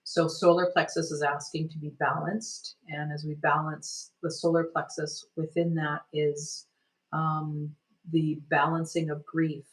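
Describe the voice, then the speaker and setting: A woman energy healer guiding a healing session, speaking gently and soothingly, meandering with many "like"s and "sort of"s. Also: low voice, level tone, a little slow, low-quality recording.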